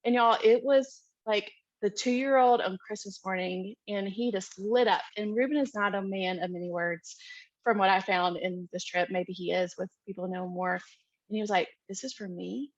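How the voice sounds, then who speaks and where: A woman's voice: mid-range voice, normal speed, no echo, highs cut off. Chatty woman telling a mission-trip story. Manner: chatty, full of "um" and "like", animated retelling. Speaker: mission trip team member. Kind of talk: casual storytelling in an interview.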